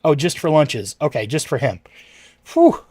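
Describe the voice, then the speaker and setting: A man's voice: medium pitch, lively intonation, fairly quick, a little mellow, no echo. A man chatting casually with his livestream viewers, rambling and correcting himself as he answers chat messages.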